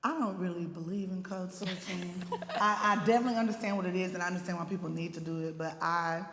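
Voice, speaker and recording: Low, gravelly East Texas woman. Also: quick pace, roomy sound, big-room sound, background noise. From Texas, USA. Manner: frank, animated storyteller. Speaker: panelist. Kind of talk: panel discussion.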